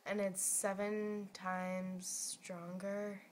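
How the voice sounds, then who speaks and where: A young woman casually telling a funny story in a vlog, giggling and animated as she goes. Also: medium pitch, drawn-out words, a little hiss or hum. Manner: giggly, animated, laughs through her story. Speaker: vlogger.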